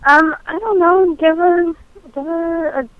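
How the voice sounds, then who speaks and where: High bright woman on a dull line. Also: steady tone, measured pace. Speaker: phone guest. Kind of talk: casual chat. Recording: dull, dry phone-line sound.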